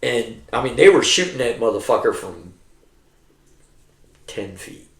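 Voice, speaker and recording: Middle-aged male veteran storyteller, mid-pitched, swears constantly, animated delivery, recorded in an echoey room. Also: a little slow, creaky. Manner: heavily profane, animated, acts out quotes. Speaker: army veteran telling war stories. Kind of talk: casual storytelling over drinks. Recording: roomy echo.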